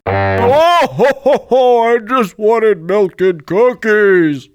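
A man voicing a jolly old bearded Santa Claus with a slow, drawn-out laugh. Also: sits high, big pitch swings, clear, resonant tone, pitched above the performer's own voice, heavily acted.

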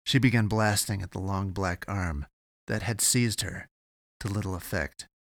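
A man giving steady, measured scripted narration of an audiobook. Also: sits low, no echo, studio quality.

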